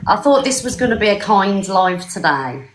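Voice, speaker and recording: A woman's voice: medium pitch, big pitch swings, normal speed. A woman hosting a live stream, amused and refereeing the arguing guests. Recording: crowd chatter behind.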